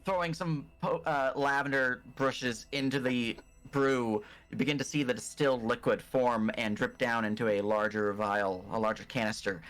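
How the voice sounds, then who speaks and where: Male game master, steady mid-pitched voice, descriptive narrator with filler words. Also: normal speed.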